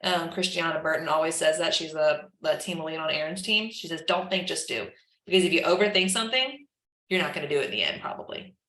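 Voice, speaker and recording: A woman's voice: low voice, quick pace, fairly bright tone, reverberant, rough recording. A woman running a casual live training session, chatty and full of "like", acting out chat messages. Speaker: team trainer.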